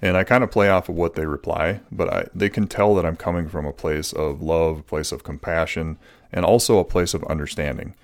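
A man's voice: deep voice, steady tone, a little fast, gravelly. A man hosting a solo podcast, answering listener questions in an earnest, rambling way with many fillers and restarts. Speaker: podcast host.

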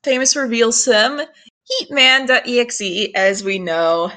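A woman's voice: on the high side, expressive, measured pace, bright, forceful tone. A young woman in casual podcast chat, recapping an anime episode with lots of laughter and casual swearing. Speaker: podcast co-host.

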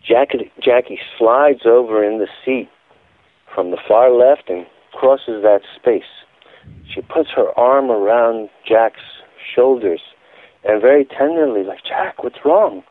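A man's voice: lowish voice, unhurried, no room sound. A man giving a phone-in radio interview, telling his account in an emphatic, insistent way. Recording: tinny phone line, dry.

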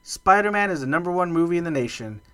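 A man's voice: a little high, expressive, quick pace, fairly bright tone, smooth. A man co-hosting a podcast, chatting casually and telling rambling stories full of restarts. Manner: rambling storyteller, lots of restarts and fillers. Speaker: podcast co-host. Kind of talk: casual chat.

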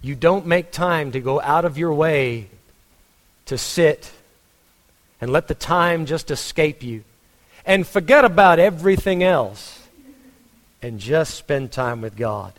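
A man's voice: a little high, expressive, slow, pauses often, big-room sound. A man with a Texan accent preaching a sermon as a pastor, conversational, with frequent restarts and rhetorical questions. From Texas.

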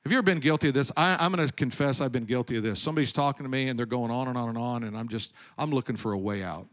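A man's voice: mid-range voice, racing. Emphatic middle-aged male pastor preaching. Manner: storytelling preacher, rising to loud emphatic calls. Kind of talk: sermon.

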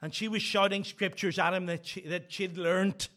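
A man's voice: high voice, steady tone, moderate pace, fairly bright tone. A man preaching a sermon, telling stories and acting out the voices he quotes.

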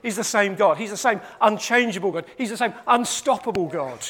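A man's voice: high-pitched, lively intonation, a little fast, fairly bright tone, slight background noise. A man preaching a sermon. He repeats his points for emphasis and acts out the quoted voices.

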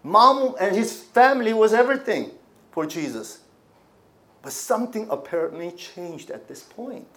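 With a high-pitched, expressive voice, a pastor delivers a sermon at a measured pace. His style is conversational, alternating hushed asides with forceful points and putting rhetorical questions to the congregation.

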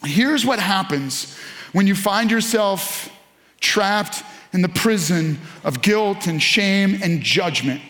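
A man's voice: high-pitched, animated, slow, bright, forceful tone, reverberant. A man preaching a sermon to a congregation, reading scripture aloud and speaking to the listeners directly. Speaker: pastor.

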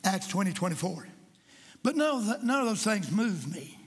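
A man preaching a sermon. He is impassioned, jokes at times and rises to shouts in a church. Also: high-pitched, very animated, normal speed, husky. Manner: impassioned, shouting at peaks, joking asides. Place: church sanctuary with congregation. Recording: echoey church hall.

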